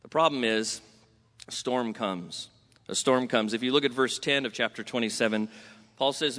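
A man from Southern California preaching a sermon in a conversational, animated way, questioning the congregation. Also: mid-range voice, moderate pace. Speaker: pastor. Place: church sanctuary. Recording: long hall reverb.

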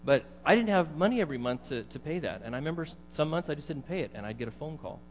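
A middle-aged pastor with a fairly high, expressive voice preaches quickly and conversationally, putting questions to his congregation. The recording is dull and echoey, with mains hum.

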